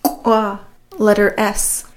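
A woman's voice: mid-range voice, monotone, extremely slow. A woman learning a language who reads out letters and repeats each sound after her teacher.

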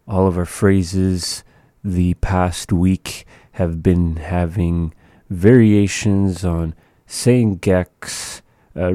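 Slow, deep-voiced male language teacher. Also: warm tone, no room sound, studio quality. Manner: slow, patient, repeats words for practice. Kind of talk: slow spoken language lesson.

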